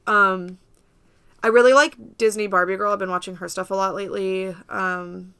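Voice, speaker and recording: Bright, chatty young American woman streamer. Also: mid-range voice, steady tone, moderate pace, smooth, no echo. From United States. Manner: chatty and rambling, laughs often, talks to viewers. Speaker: livestream host. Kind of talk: casual livestream chat.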